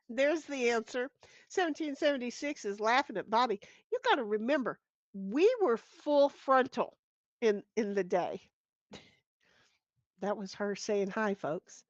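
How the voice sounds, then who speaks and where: A woman's voice: a little high, no echo, highs cut off. Salty middle-aged woman streamer, rambling. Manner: rambling, frank and salty, with frequent restarts. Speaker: streamer host. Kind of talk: casual livestream chat, reading comments aloud. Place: at home with her dogs. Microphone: computer mic at a desk.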